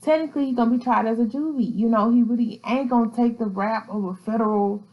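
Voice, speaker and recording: Woman, vlog host, casual commentary, slangy, laughs easily, somewhat high voice, muffled lo-fi audio. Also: quick pace. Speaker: vlogger host.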